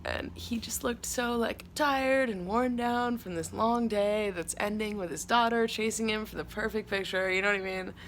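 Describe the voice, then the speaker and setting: A woman's voice: mid-range voice, moderate pace, hardly any pauses, a bit bright, slight background noise. A young woman hosting a casual confessional monologue, rambling and profane, full of "like", sometimes tearful. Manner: rambling, profane, emotional, with frequent "like". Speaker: podcast host. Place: outdoors at her home by a street.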